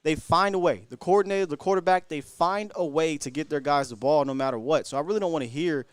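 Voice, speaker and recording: A man's voice: on the high side, fast talker, few pauses, no echo, clean studio sound. A man hosting a call-in sports talk show, giving emphatic, fired-up opinions to callers. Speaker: sports talk radio host.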